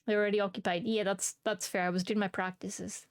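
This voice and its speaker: Though her mid-range delivery is flat and a little fast, this woman streamer is playful, giggly and silly, joking and laughing often with her viewers in casual live-stream chat. The sound is clean studio quality with no room sound.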